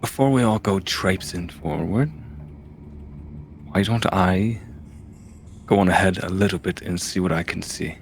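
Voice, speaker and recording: Male tabletop player, lower pitch, casual and cautious, faint noise on the mic. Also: measured pace, gravelly, long pauses. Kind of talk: casual tabletop game chat.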